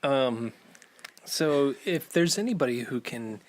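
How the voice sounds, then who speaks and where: A man's voice: mid-range voice, a little slow, no echo. A man co-hosting a podcast from a basement, chatting casually with a rambling manner and frequent laughs. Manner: rambling, laughs often, restarts phrases. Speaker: podcast co-host. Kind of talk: casual chat. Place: home basement.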